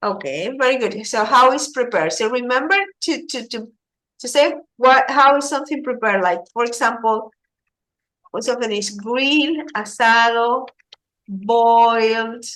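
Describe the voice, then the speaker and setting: A woman teaching an English lesson, slowly explaining words with glosses. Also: fairly high pitch, sharp tone. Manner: slow, patient, explaining vocabulary with Spanish glosses.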